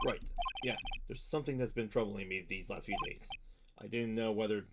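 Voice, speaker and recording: Man dramatically reading game dialogue over loud music. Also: lowish voice, brisk. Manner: stumbling, self-correcting dramatic reading. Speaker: let's play host reading the game's dialogue aloud. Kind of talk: reading game text aloud.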